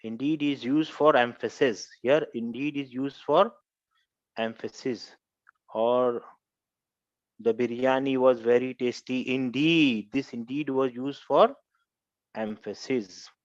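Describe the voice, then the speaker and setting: A man's voice: mid-range voice, fairly even intonation, slow, dry recording. Male grammar teacher, patient repeater, quizzes the class; dry, muffled lo-fi recording. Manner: repetitive, quizzing students, explains step by step. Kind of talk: classroom lecture.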